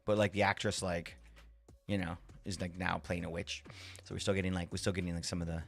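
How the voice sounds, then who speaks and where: A man streaming a game live, rambling excitedly, laughing and swearing as he reacts to chat. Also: deep voice, fast talker, creaky.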